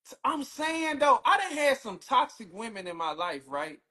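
A man's voice: extremely high pitch, big pitch swings, moderate pace, crowd noise. A man hosting a live stream, laid-back, profane and teasing. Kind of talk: casual live-stream chat.

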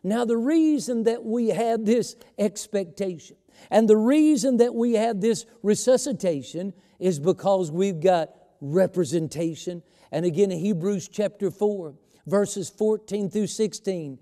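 A middle-aged male pastor preaching a sermon in a church, reading scripture with slow, emphatic phrasing. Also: high voice, warm tone. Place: church sanctuary. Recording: long church reverb.

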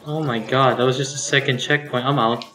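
A man's voice: medium pitch, fairly even intonation, brisk, bright, forceful tone, soft background music. A man playing a co-op racing game with a friend, explaining the rules in a wry, laid-back way. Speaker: game player. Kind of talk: casual let's-play chat.

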